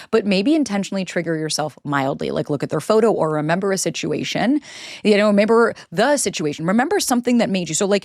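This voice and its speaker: A woman's voice: on the low side, no echo. Woman podcast host in her thirties, blunt and emphatic, cusses freely, dry close sound. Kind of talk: candid solo podcast monologue.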